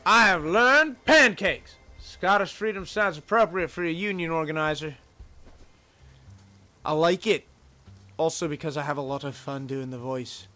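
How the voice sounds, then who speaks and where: Brief: male live streamer, chatty and bright, high voice, faint music behind. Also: steady tone, moderate pace, long pauses. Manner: chatty, self-mocking asides to chat. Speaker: game streamer. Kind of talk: live gameplay commentary.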